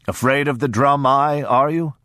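A male narrator voicing a big, hearty, quietly threatening older lord, loud and genial in an audiobook reading. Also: mid-range voice, moderate pace, dry recording, clean studio sound, voice pushed up, lightly acted. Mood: hearty, jovial. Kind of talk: audiobook character voice.

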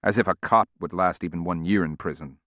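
A man reading a novel aloud in a measured, steady audiobook narration. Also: low-pitched, no room sound, studio quality.

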